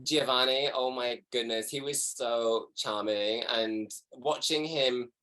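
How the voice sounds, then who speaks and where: A man with a Yorkshire accent from West Yorkshire, chatting as a guest in a relaxed interview, giggling and jumping up high when he quotes people. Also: takes it slowly. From West Yorkshire, England. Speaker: guest, drag performer. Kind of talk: casual interview chat.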